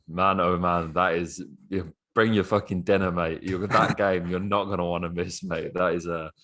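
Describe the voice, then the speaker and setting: A man with a very deep voice co-hosts a casual football podcast. He talks in an excitable rush and swears freely. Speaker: podcast co-host.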